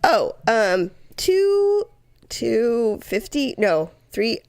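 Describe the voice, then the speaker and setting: A woman co-hosting a podcast in casual chat, hoarse from a cold, chatty and self-mocking. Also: on the high side, big pitch swings, drawn-out words, a little mellow, dry recording, studio quality. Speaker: podcast co-host.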